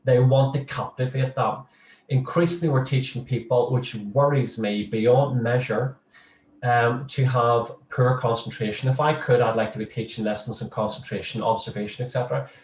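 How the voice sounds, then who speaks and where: A man's voice: medium pitch, steady tone, moderate pace, a little hiss or hum. A middle-aged man, a social work lecturer, chatting humorously in an interview with many restarts. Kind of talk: casual interview chat. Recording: roomy, distant mic.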